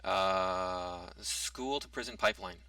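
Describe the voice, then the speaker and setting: A man's voice: low voice, slow, bright, forceful tone, no echo, far from the mic. A man in a casual opinion monologue, reading out topics and rebutting them, with hesitant restarts. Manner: argumentative, reads out a topic then rebuts it. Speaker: commentary vlogger.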